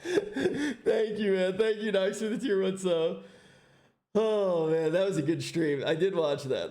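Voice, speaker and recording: High-voiced man telling stories on stream. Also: a little slow. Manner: animated storytelling, laughs often, swears. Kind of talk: casual chat reacting to a video.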